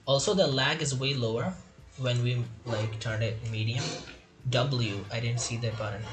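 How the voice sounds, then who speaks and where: Playing through a game tutorial, a medium-pitched man gives relaxed, chatty commentary and reads the tips aloud as they appear.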